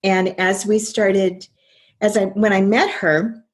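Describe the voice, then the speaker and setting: Interview guest, older woman, earnest and reflective storyteller, mid-pitched voice. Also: flat delivery, takes it slowly. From American Midwest. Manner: earnest, reflective, speeds up when recalling inner dialogue.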